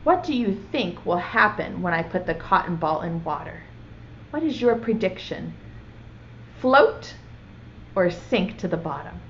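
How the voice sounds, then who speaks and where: Woman preschool teacher, lively and slow, gentle questions to kids; slightly dull recording with faint hiss. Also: fairly low pitch. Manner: gentle, asks children questions. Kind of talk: reading aloud and teaching young children.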